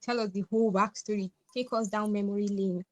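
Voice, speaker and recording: A woman's voice: mid-range voice, fairly even intonation, a little fast, a little mellow, dry recording, rough recording. A woman hosting a podcast, asking questions in an upbeat, chatty way. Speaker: podcast host. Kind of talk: casual interview questions.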